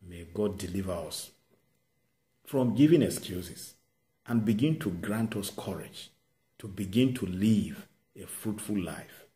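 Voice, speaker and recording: A man preaching a sermon, retelling a story with animated delivery and exhorting his listeners. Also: lowish voice, unhurried.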